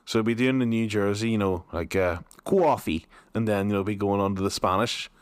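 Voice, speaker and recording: A man co-hosts a podcast in loose, casual chat. He tells stories excitably, laughs often and swears without thinking. His voice is recorded close and dry, with no room sound. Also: lowish voice, a little fast, smooth, no room sound. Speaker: podcast co-host.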